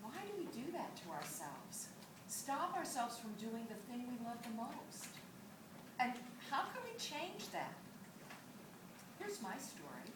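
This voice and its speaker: A woman's voice: on the high side, a little slow. Woman doing a one-woman stage monologue, voice jumps all over, laughs a lot, distant echoey hall recording. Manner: animated, laughing often. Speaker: actor in a solo play. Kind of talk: theatrical storytelling monologue. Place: theatre stage. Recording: echoey theatre audio from far off with loud room noise.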